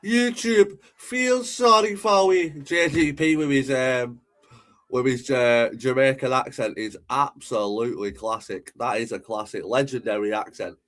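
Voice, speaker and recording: A man from England hosting a casual livestream, reading viewer comments aloud, giving shout-outs and swearing freely. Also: mid-range voice, steady tone, moderate pace. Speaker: livestream host.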